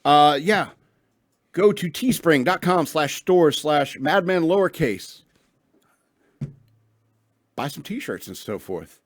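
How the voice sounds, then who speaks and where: A man's voice: on the high side, lively intonation, slow, pauses often, no echo, studio quality. A man hosting a casual solo podcast, rambling through stories with sarcastic asides. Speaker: radio show host.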